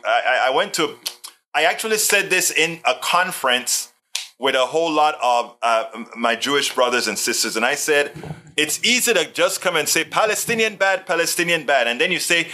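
Guy on a livestream reading out comments, bright voice, gets emphatic and repeats himself. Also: medium pitch. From Hawaii. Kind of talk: casual political commentary.

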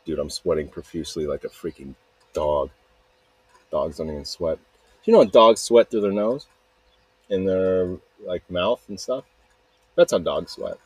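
A man's voice: deep voice, a little slow, long pauses, breathy edge, dry recording, rough recording. A man hosting a solo podcast, rambling and swearing, often cutting himself off mid-sentence, recorded outdoors. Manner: rambling, profane, self-interrupting. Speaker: podcast host.

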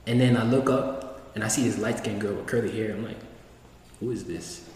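A man's voice: lowish voice, steady tone, quick pace, a little mellow. Slangy young man telling a long story. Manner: slangy, rambling, acts out quoted lines. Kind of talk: casual storytelling. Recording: echoey room, distant mic, faint hiss.

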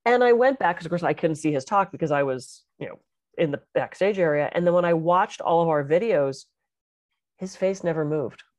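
A woman talking as a podcast co-host and speaker, animated and expressive as she tells stories in casual chat. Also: fairly low pitch, fairly quick, no echo.

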